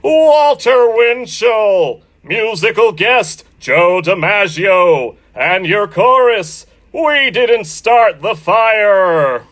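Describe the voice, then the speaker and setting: A man doing an impression of an old-school TV announcer, stretching each word in a booming delivery. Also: expressive, extremely slow, few pauses, fairly bright tone, full character voice. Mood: announcing.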